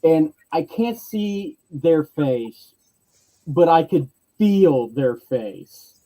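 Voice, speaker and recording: Animated storytelling man, mellow voice. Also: on the high side, drawn-out words, rough recording. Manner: lively, acts out dialogue in varied voices. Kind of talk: animated storytelling in casual chat.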